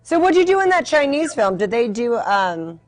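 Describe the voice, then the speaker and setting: A woman's voice: a little high, big pitch swings, moderate pace. A woman hosting a casual interview, asking brief and encouraging follow-up questions. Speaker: interview host.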